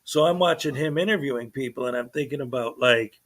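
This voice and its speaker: A man's voice: mid-range voice, a little fast, fairly bright tone. A man hosting a casual morning commentary stream, rambling and indignant, with many fillers and restarts. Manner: mocks others in quoted voices. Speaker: channel host.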